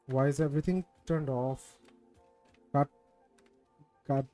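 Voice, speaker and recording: Mellow, slow-talking man streamer. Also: mid-range voice, fairly even intonation, soft background music. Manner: rambling, self-mocking, swears when frustrated. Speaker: game streamer. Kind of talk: casual live-stream chat with viewers while gaming.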